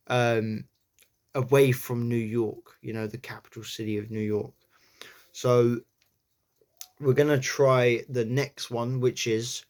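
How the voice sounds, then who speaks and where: A man casually talking through his accent practice, thinking aloud and often saying "you know". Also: mid-range voice.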